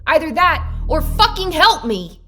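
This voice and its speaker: Brief: a sharp-tongued female hospital chief, put on by a woman narrator, bossy and cold. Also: mid-range voice, a little fast, close to an everyday voice. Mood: commanding. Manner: cutting, commanding, barks curses. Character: harsh, contemptuous female chief of medicine. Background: faint music.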